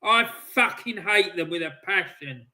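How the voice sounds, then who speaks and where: A man hosting a football channel, ranting angrily and swearing heavily, with loud shouting bursts, off camera at home. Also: high voice, expressive, unhurried. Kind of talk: angry ranting monologue.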